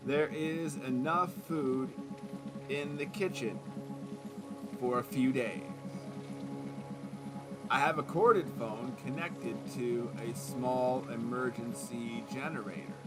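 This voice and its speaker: Brief: man voicing a formal, deferential motel keeper, slow and plain. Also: medium pitch, close to an everyday voice. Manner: polite, formal. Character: polite male motel keeper.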